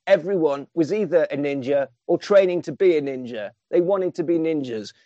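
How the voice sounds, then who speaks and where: A man's voice: a little high, normal speed, warm tone, dry recording. A man, animatedly recapping a film on a podcast and swearing casually. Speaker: podcast host. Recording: dull lo-fi dry sound.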